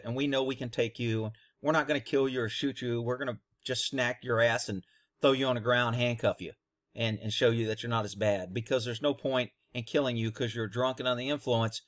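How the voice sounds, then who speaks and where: A man's voice: mid-range voice, a bit bright. A man, a former police officer, giving blunt, profane commentary on a video and telling his own cop stories.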